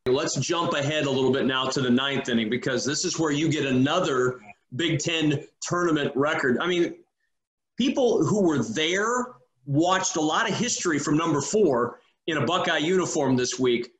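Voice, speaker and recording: Man, sports host, high-pitched, polished questions, echoey room. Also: moderate pace. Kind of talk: hosted sports interview.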